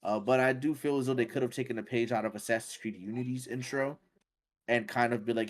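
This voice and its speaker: Speaking quickly at medium pitch, this gaming podcast co-host is a man whose talk wanders and is packed with fillers and restarts. His delivery turns animated whenever something excites him.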